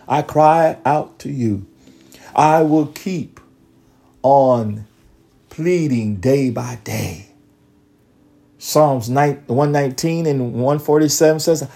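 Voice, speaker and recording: A male preacher giving a sermon, reading scripture verses slowly and breaking in with exclamations and calls to his listeners. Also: mid-range voice, expressive, warm tone.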